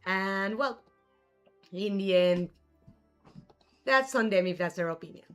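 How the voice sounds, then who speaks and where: A woman live-streams a game and chats casually, answering messages from her viewers in an easygoing way. Her pitch sits in a middling range, and a bit of game music plays softly behind her. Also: slow pace, clean tone. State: has the hiccups. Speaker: livestream gamer host.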